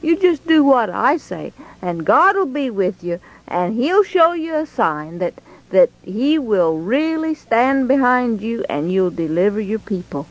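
A woman voicing a calm, commanding male angel who reassures firmly in a storybook telling. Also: fairly high pitch, a little slow, lo-fi sound. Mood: reassuring. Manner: firm, reassuring.

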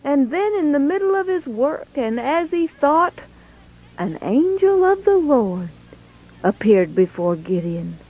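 A woman telling a Bible story in an expressive, folksy way. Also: high-pitched, unhurried, highs cut off.

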